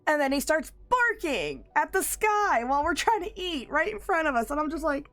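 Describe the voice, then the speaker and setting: A woman's voice: high-pitched, animated, moderate pace, few pauses, fairly bright tone, faint music behind. A sick woman streaming a game, chatting and telling rambling stories. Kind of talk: casual gaming stream chat.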